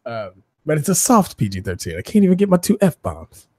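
A man guesting on a podcast, joking and expressive in a casual chat. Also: a little high, fairly quick, breathy edge, dry recording. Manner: expressive, joking, demonstrates voices.

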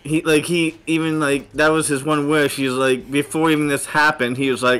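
A man co-hosting a casual gaming talk show, talking in halting bursts with repeated words and restarts. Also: on the high side, a bit bright, smooth. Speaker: podcast co-host. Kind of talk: casual chat.

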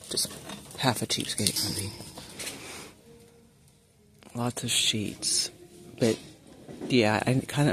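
A woman chatting to her viewers while shopping in a large store, reading out prices, a bit sniffly from allergies. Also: a bass voice. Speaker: shopping vlogger. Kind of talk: casual shop-with-me chat. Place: large retail store, indoors. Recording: store ambience noise.

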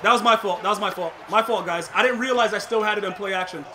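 A man streaming a football video game, talking fast and loose in street slang, trash-talking and joking between plays. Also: high voice, background noise. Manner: excitable slangy trash talk. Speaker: gaming streamer. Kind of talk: live gameplay commentary.

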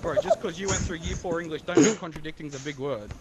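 A man's voice: on the high side, quick pace, a crowd in the background. A man gaming in party voice chat, hurling repetitive insults in heated trash talk.

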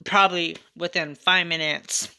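A woman's voice: on the low side, steady tone, measured pace, sharp tone. A woman talking straight to camera in a rambling couponing storytime vlog, sassy and repetitive, often circling back over her own words. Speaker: couponing vlogger.

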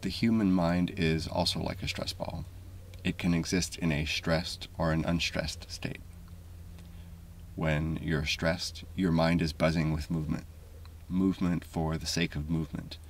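A man with a very low, gravelly voice reads a scripted essay in a calm, even, measured way. His tone stays flat and husky, and he sounds a little far from the mic. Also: slight background noise. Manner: calm, measured, deliberate delivery. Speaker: video essay narrator. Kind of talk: scripted voice-over narration.

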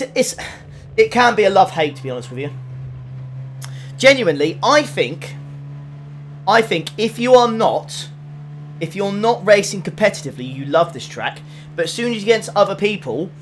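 Into a desk USB condenser mic at home, a young man chats through a racing game stream, reading out and responding to his live chat as he drives. His voice is on the high side with a fairly bright tone, and a little hiss or hum is audible.

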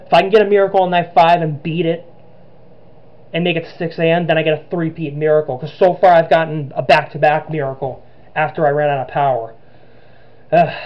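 Excitable man narrating his gameplay. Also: fairly high pitch, muffled recording. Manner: excitable, narrating each move. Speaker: gaming channel host. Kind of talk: let's-play commentary.

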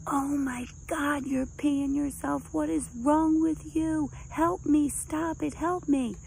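A woman's voice: sits high, fairly even intonation, slow, vocal fry, darkish tone, a little hiss or hum, voice pushed up, heavily acted. A woman acting out a panicked, burned young man who pleads frantically for help.

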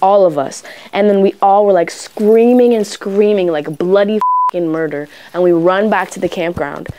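A young woman casually telling a childhood story, rambling with lots of fillers and swearing freely, rushing and then slowing and getting loud at the tense parts. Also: medium pitch, a little hiss or hum. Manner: rushes and slows in bursts, gets loud in tense parts. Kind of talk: casual anecdote.

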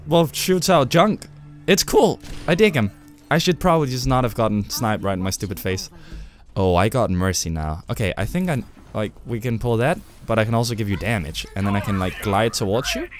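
Excitable young man gaming. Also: mid-range voice, moderate pace. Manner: excitable, loud outbursts and swearing. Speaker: gamer streamer. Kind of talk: live gameplay commentary.

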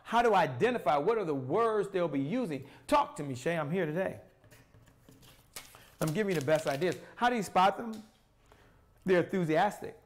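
A middle-aged man hosting a sales talk show, coaching the viewer directly in an energetic, preachy way with many rhetorical questions. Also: high voice. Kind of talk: solo motivational sales talk to camera.

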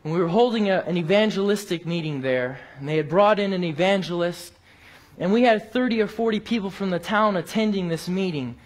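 A man preaching a sermon, telling a personal story and rising to emphatic peaks before dropping quiet. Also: sits high, expressive, a little fast.

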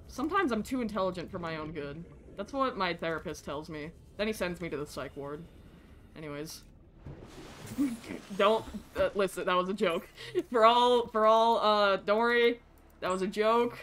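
An American woman streaming a video game with casual, excitable and profane commentary that often rambles. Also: medium pitch, a little slow, pauses often.

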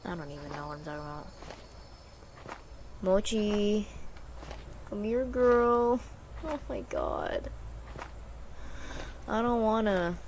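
A woman's voice: fairly low pitch, a little mellow, slight background noise. A young woman streaming a horror game, swearing freely, rambling and gasping at scares. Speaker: gaming streamer. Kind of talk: horror game playthrough commentary.

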